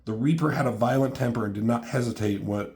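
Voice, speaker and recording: A man's voice: medium pitch, fast talker, darkish tone, close to an everyday voice. A man reading out the lines of a grandiose, ranting masked villain knight, monologuing. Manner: reads lines aloud in a monologuing tone.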